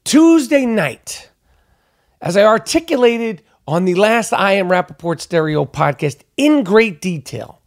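A man hosting his podcast, telling a story as a casual rant, swearing a lot and repeating himself for emphasis. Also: sits high. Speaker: podcast host.

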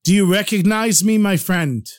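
A man's voice: sits high, moderate pace, natural voice. A man playing a skeptical French nobleman. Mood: warm.

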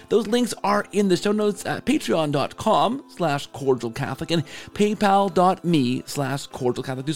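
A man hosting a podcast, hoarse and scratchy from allergies, gushing with enthusiastic praise as he wraps up an interview and signs off. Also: high voice. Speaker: podcast host. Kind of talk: casual interview wrap-up and sign-off. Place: home in Canada.

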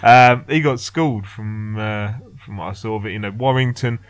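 A man's voice: fairly low pitch, moderate pace, clean tone, no room sound. Blunt man talking boxing. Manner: blunt, opinionated, laughs often, swears casually. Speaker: boxing pundit. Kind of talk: casual podcast chat.

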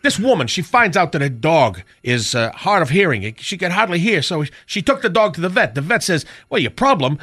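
A man's voice: a little high, very animated, a bit bright, husky, full character voice. A man playing a corny older male stand-up comic on a radio comedy bit, who rattles off jokes and laughs at his own punchlines. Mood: brash joking. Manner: rapid joke-telling, laughs at own punchlines.

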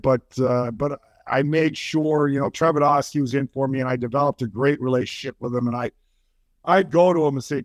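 Older male interview guest, lively storyteller, medium pitch, dead dry recording. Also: no room sound. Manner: animated storytelling, many restarts. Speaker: former hockey player guest.

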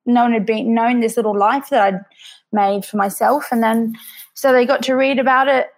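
A woman's voice: on the high side, steady tone, moderate pace. Emotional, reflective woman telling her story. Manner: emotional, reflective, with frequent restarts. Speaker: podcast guest, author. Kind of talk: candid conversational interview.

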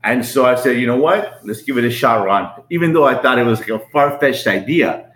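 A middle-aged man, a business owner, telling his story as a podcast guest in a lively, casual way, often repeating words and acting out what people said. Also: fairly quick. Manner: animated, repeats words, acts out quotes in a higher voice. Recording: roomy echo.

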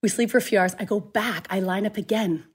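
A woman's voice: mid-range voice, quick pace, breathy edge. A woman from Canada, a guest on a video call, telling a long travel mishap story with energy and acting out the other people in it. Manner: animated storytelling, acts out other people's lines. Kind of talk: casual chat on a video call.

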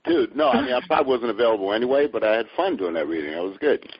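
A man's voice: medium pitch, sing-song, slightly rough, no echo. An older man, a guest actor, chatting casually in a podcast interview with a joking, storytelling manner. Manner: joking, storytelling, drawn-out delivery. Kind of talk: casual chat. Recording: dull lo-fi podcast audio.

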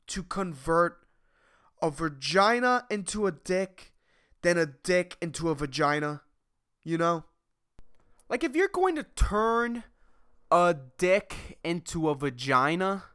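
A man alone on his own podcast delivers a rambling, profane comic rant in a fairly high, slightly bright, clean-toned voice. Exasperated and agitated, he gets worked up, laughs at his own jokes, and frequently restarts sentences.

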